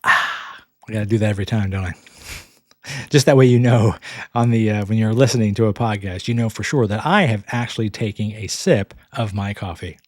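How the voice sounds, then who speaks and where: A man's voice: fairly low pitch, moderate pace, no echo, clean studio sound. A man from the American South hosting a podcast, answering listener questions in a casual, rambling way with frequent chuckles. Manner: rambling, chuckles often, self-deprecating asides.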